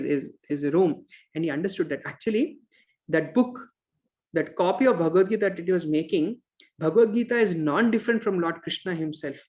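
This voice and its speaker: A man teaching a scripture class, telling a devotional story with pauses and fillers and acting out the characters' lines. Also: high voice. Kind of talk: storytelling lecture. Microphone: online course recording.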